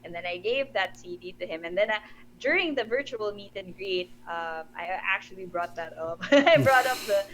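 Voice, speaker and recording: A woman's voice: medium pitch, animated, normal speed, fairly bright tone, rough recording. Young woman from the Philippines, casual interview guest, eager, laughs often, restarts sentences, faint noise behind. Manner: enthusiastic, giggly, with frequent restarts and fillers. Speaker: wrestler and musician guest.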